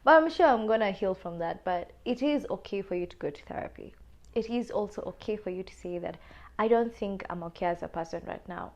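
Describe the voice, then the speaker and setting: A young woman with a Kenyan accent telling a personal story on a podcast, animated and casual, mixing in Swahili slang. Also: mid-range voice, a little fast. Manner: animated, switches between English and Swahili slang.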